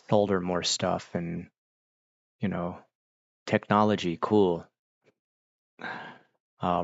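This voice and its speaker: A middle-aged man talks casually to his live-stream viewers, rambling and relaxed, dropping "dude" and "like" constantly. His voice sits low with a gravelly fry. The sound is dry and a little dull, as from a lo-fi mic. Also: no room sound. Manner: rambling, laid-back, heavy use of "like" and "dude".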